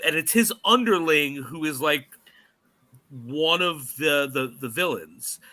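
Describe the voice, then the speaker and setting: A man's voice: fairly high pitch, slow. A man co-hosting a podcast, recapping a movie in casual chat, laughing often and acting out scenes. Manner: animated, laughs often, acts out scenes in silly voices. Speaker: podcast co-host.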